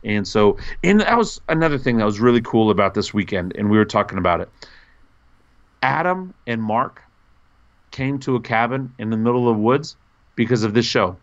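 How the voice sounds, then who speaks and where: A man co-hosting a board game podcast, talking in a gushing, animated way with big jumps in pitch when he gets excited. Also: moderate pace. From North Carolina, USA. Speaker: podcast co-host. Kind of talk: casual podcast chat. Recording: dull lo-fi podcast audio.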